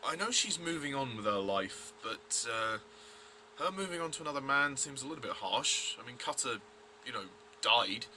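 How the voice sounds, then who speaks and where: Blunt male reviewer, tense bright voice, faint hiss behind. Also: mid-range voice, lively intonation, normal speed. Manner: blunt, rambling, many fillers and restarts. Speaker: TV episode reviewer. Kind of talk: casual review vlog.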